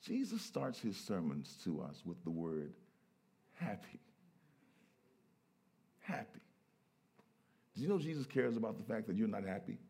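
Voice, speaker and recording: A man preaching a sermon, who moves from low, quiet stretches to loud, emphatic peaks. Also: very animated, measured pace, gravelly, pauses often.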